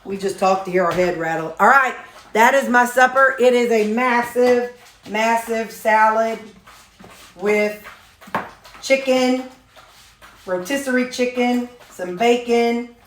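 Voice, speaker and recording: A woman's voice: fairly high pitch, slow, pauses often, roomy sound, a little hiss or hum. A woman chatting casually while she makes supper, rambling through a story with lots of ums. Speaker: vlogger showing her meals.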